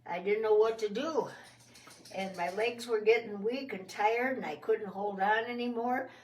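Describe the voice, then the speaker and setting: A woman telling a children's story in a folksy, expressive first-person way. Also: mid-range voice, unhurried, recorded from a distance. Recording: roomy sound from off the mic.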